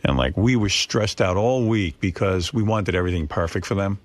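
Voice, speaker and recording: A male radio host telling an animated story, exasperated and swearing freely, with many restarts. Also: low voice, moderate pace.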